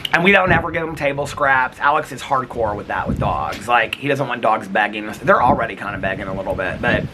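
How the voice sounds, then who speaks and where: A man's voice: mid-range voice, lively intonation, brisk, noisy background. A man vlogging in casual chat, telling stories and acting out conversations, recorded outdoors in the cold. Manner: chatty storytelling, acts out quoted conversations.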